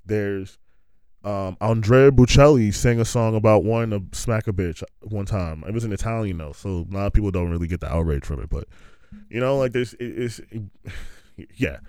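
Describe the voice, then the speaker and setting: A man's voice: on the low side, moderate pace, dark tone, clear, resonant tone, no echo. A man telling stories in a loose, rambling monologue, laughing often and restarting his sentences.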